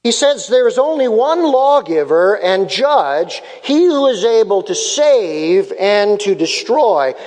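Male pastor, high voice, slow deliberate sermon delivery, repeats lines for emphasis, long hall reverb. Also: big pitch swings, a little mellow. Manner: preaching with repeated emphatic phrases and acted-out dialogue.

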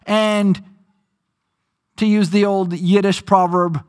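Pastor, male, high bright tone, chatty sermon delivery with sudden loud emphasis. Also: animated. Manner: conversational, with dramatic slowdowns and bursts of emphasis.

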